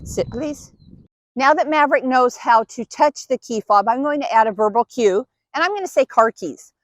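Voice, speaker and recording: A woman's voice: high-pitched, animated, moderate pace, dry recording, muffled recording. A woman dog trainer patiently explaining each step while giving cues and praise to her dog. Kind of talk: instructional demonstration.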